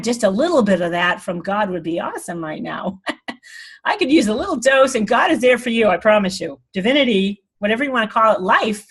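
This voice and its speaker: A woman's voice: a little high, slightly rough. Earnest woman teaching spirituality. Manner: earnest, rambling, laughs often. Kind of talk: informal talk to an online group.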